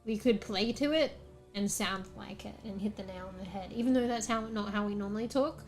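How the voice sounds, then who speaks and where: A woman's voice: medium pitch, fairly quick, soft background music. A young Australian woman chatting casually on a stream, rambling, swearing often and laughing between thoughts. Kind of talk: casual chat.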